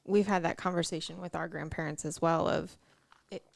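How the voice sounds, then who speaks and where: A woman co-hosting a casual morning talk show, agreeable and quick to affirm her partner. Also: sits low, fairly even intonation, vocal fry, dry recording, studio quality. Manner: agreeable, frequent affirmations, laughs easily. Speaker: co-host.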